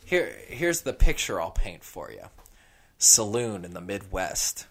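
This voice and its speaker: Animated man telling a playful story. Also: low voice, a little slow, vocal fry. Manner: animated, puts on character voices while telling a story. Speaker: podcast co-host. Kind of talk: casual chat with playful storytelling.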